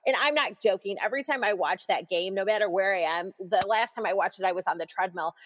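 A woman co-hosting a casual sports podcast, chatting as an excited fan with plenty of fillers. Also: mid-range voice, fast, big-room sound, slight background noise. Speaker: podcast co-host.

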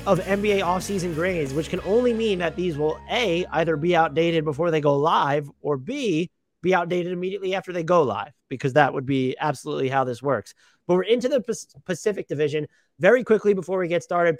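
Fast-talking man hosting a podcast. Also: high-pitched, soft background music. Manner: profane, self-deprecating banter. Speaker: podcast co-host. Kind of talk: casual sports podcast chat.

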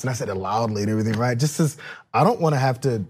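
A man hosting a podcast in casual chat, telling stories in an animated way and laughing often. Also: medium pitch, rapid-fire, slightly rough. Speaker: podcast host.

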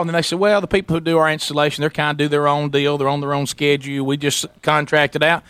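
Animated radio storyteller, bright voice. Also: male voice, a little high, quick pace, few pauses, clear, resonant tone, no room sound. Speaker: radio show host.

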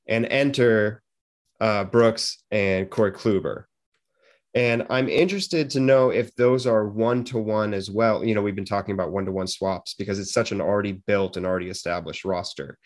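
A man's voice: on the low side, normal speed. A man hosting a casual interview, rambling with lots of fillers and little jokes. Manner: rambling, full of fillers, jokey. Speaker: podcast host.

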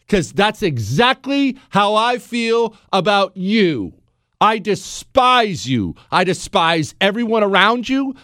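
A man's voice: extremely high pitch, a bit bright, no echo. A man hosting a talk radio show, ranting with passion and sarcasm into a studio mic.

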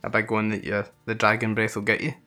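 A man's voice: fairly low pitch, completely flat delivery, fast, bright, forceful tone, soft background music. A Scottish man co-hosting a podcast, chiming in with teasing jokes. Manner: jokey, teasing. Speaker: podcast co-host. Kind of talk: casual film-review chat.

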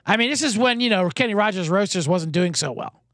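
A man hosting a sports betting podcast, telling a casino story and giving picks in a profane, animated way with shouted crowd chants. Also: sits high, a little fast, dry recording, studio quality.

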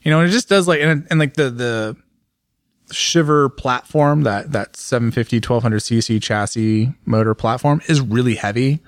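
A man reviewing motorcycles in a casual podcast chat, talking in an animated, rambling way with lots of fillers and restarts. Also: medium pitch, moderate pace, no room sound, studio quality.

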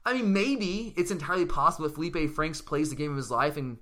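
A man's voice: fairly high pitch, quick pace, sharp tone. A young man co-hosting a fan sports podcast, talking earnestly and passionately with frequent stumbling restarts. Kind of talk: fan sports talk commentary.

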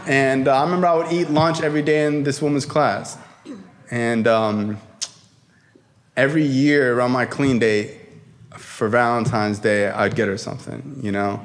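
Telling a live audience about his own recovery, this man speaks at medium pitch and normal speed in a steady tone. His talk is casual, profane, and slangy, full of fillers.

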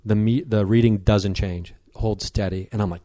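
A man who is a podcast guest, telling a rambling, animated story in casual conversation, with many fillers. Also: fairly low pitch, moderate pace, no echo.

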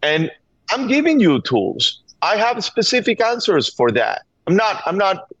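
This call-in guest, a middle-aged gun violence activist from Venezuela, has a high-pitched, bright, somewhat breathy voice with huge pitch swings and an unhurried pace. He speaks earnestly and urgently in a Venezuelan Spanish accent, repeating words for emphasis, over a dull, dry remote line with no room sound.

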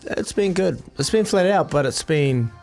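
A man's voice: on the high side, lively intonation, moderate pace, gravelly, a little mellow, soft background music. A middle-aged man with a New Zealand accent, co-hosting a breakfast radio show in casual chat and telling stories while laughing often. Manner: chatty storyteller, laughs often.

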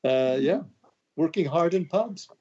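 An older man from Canada, a guest author, answering interview questions in a relaxed, conversational way with wry, self-deprecating jokes. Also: on the high side, measured pace, breathy edge, dull audio. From Canada (Montreal).

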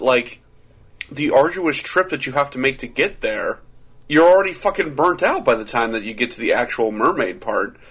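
A man with a husky, slightly raspy voice at an ordinary pitch, chatting casually about a film on a podcast. He thinks out loud, circles back on himself and swears as he pokes holes in the story. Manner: rambling, profane, thinks aloud with restarts. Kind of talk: casual movie review chat.

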